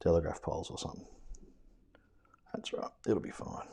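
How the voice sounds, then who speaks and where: Painting a casual watercolour demo, this Australian man talks to himself in a low, creaky, slightly rough voice with a dark tone at a normal speed. His comments are offhand and self-deprecating, sprinkled with mild swearing, and he occasionally lowers to a whisper.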